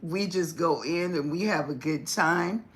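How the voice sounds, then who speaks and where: Slow, laughing, profane spiritual reader. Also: mid-range voice, fairly bright tone. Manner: profane, laughs often, teasing; affectionate address, calls viewers baby and honey. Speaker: spiritual reader and channel host. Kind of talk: casual livestream chat with viewers.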